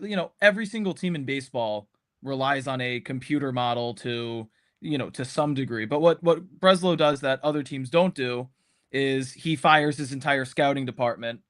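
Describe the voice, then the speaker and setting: A man's voice: mid-range voice, normal speed. Rambling man giving sports opinions. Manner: rambling, heavy on "um" and "you know" fillers. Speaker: podcast panelist. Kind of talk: casual sports commentary.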